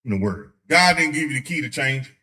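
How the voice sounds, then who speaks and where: A man teaching a church Bible study in a casual, joking way, slipping into quick voices to make his points. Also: medium pitch, animated, bright, forceful tone. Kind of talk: conversational sermon. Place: church sanctuary.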